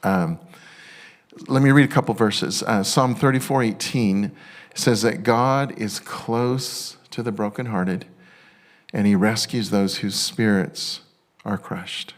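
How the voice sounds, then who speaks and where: A male pastor preaching a sermon, excitable and halting with many restarts, turning tender and emotional at times. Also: on the low side.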